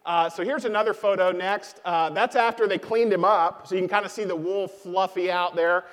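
A man's voice: high-pitched, fairly even intonation, moderate pace, fairly bright tone. A man preaching a sermon as pastor, speaking in a loose conversational way with many fillers and repeated key lines. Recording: long hall reverb.

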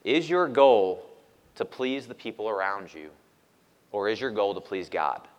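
A man preaching a sermon as a pastor, moving from loud, emphatic questions to hushed asides and acting out the voices of people in his stories. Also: fairly low pitch, expressive, measured pace, long reverb tail, highs cut off.

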